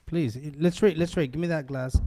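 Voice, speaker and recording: A man's voice: a little high, a little fast, dark tone. A young man hosting a podcast, telling a story in casual chat, swearing freely and acting out other people's lines. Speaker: podcast host.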